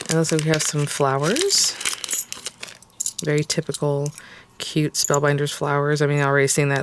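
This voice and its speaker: A woman's voice: low-pitched, gravelly, noisy background. A woman hosting a casual crafting tutorial, chatting and thinking aloud with lots of fillers as she works. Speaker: craft channel host.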